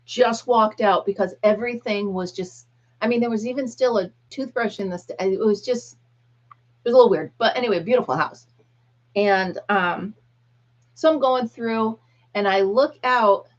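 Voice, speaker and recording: A woman's voice: medium pitch, muffled recording. A middle-aged woman hosting a live stream, chatting casually and acting out what people said in her story. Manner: chatty storyteller, acts out quotes. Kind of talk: casual chat with viewers.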